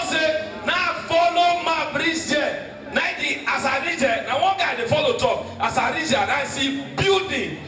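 A Nigerian comedian with a very high voice tells stand-up stories. He shouts his punchlines. He is heard from far off on an echoey stage, with a loud live crowd behind him.

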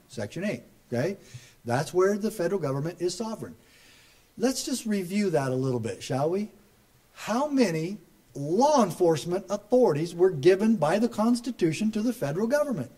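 A middle-aged man giving a rally speech, folksy and joking, building to loud emphatic punchlines. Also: high-pitched, expressive, normal speed. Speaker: speaker at a political rally. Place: rally crowd, live address.

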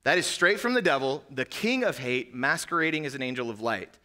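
Guy preaching a sermon at church, bright punchy voice, gets loud then drops low. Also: lively intonation, fairly quick. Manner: impassioned preaching, swings from quiet to loud. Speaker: pastor. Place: church sanctuary.

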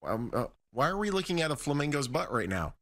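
A man's voice: a little high, big pitch swings, quick pace, a bit bright. A man hosting a morning TV talk show, chatting playfully and joking with a guest. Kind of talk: casual on-air chat.

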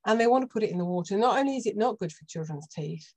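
A middle-aged British woman, a doctor, explaining health topics as a podcast guest in a steady, informative way with touches of dry sarcasm. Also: mid-range voice, rapid-fire. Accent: British English. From United Kingdom. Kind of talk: podcast interview.

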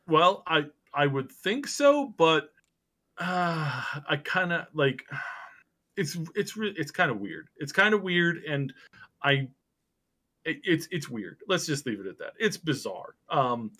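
A man's voice: a little high, sing-song, slow pace, sharp tone. A man hosting a casual gaming podcast, rambling with many fillers and restarts. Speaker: podcast host.

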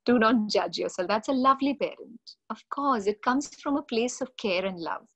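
A middle-aged woman speaks in a fairly high voice. She is a mindfulness coach giving a webinar talk on parenting. She tells stories with animated expression and acts out the quotes. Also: moderate pace, slightly rough.

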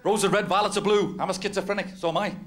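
A man's voice: sits high, steady tone, rapid-fire. Man, from North West England, stand-up comedian, rambling, self-mocking, noisy old club recording. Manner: rambling, self-mocking, laughing at his own jokes. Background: audience laughter.

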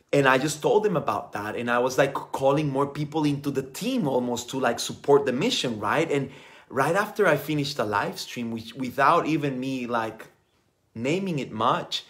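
A middle-aged man giving a motivational talk as a spiritual coach, animated and earnest, full of fillers. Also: medium pitch, a little slow. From Costa Rica.

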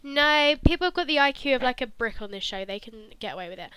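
A woman's voice: sits high, lively intonation, fast talker, a bit bright, clean tone, no echo, poor audio. A young woman commentating on a life-sim game in a sarcastic, playful, mock-blunt way. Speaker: gaming channel host.

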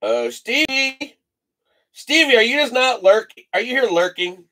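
A man's voice: very high-pitched, lively intonation, normal speed, sharp tone. A man hosting a live card break stream, chatting casually, reading off names and teasing his viewers.

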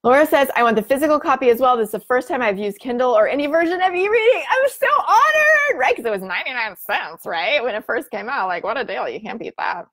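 A woman's voice: fairly high pitch, fast, few pauses. A woman in her thirties hosting a casual livestream, chatting eagerly and reading out viewer comments with lots of fillers. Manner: bubbly, chatty, filler-heavy. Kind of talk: casual live-stream chat.

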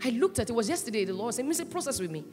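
A woman pastor preaching a sermon with passion, swinging between loud cries and hushed asides. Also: on the high side, very animated, rapid-fire. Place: church hall. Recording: echoey church hall, with faint music.

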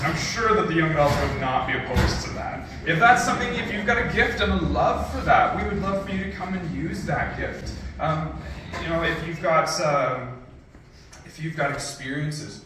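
A man's voice: mid-range voice, sharp tone, slight background noise. Earnest young male pastor in echoey hall. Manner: earnest, conversational, frequent ums. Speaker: youth and young adults pastor. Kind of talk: church talk and prayer. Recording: echoey room, distant mic, faint ambience.

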